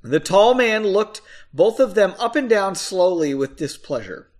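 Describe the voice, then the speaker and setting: A man's voice: high voice, very animated, unhurried. Chatty man reading his own book. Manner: chatty, self-mocking, swears casually. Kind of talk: casual book reading with asides.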